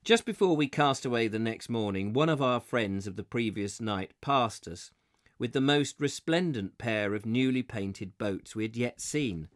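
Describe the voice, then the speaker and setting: A man's voice: mid-range voice, unhurried, dry recording, studio quality. A man hosting a live book reading, reading steadily and breaking off for chatty, amused asides and self-corrections. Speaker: host reading a book aloud.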